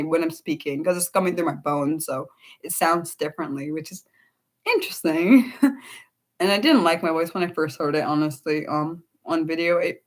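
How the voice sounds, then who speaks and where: A young woman hosting an unscripted livestream, rambling and breaking off mid-sentence as she answers her chat. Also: lowish voice. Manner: rambling, self-interrupting, answers chat aloud. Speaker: livestream host.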